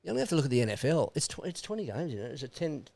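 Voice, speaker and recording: A man's voice: a little high, very fast, gravelly, no echo. A middle-aged Australian man, a podcast guest, talking bluntly and with plenty of swearing in casual chat. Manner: blunt, animated, swears freely.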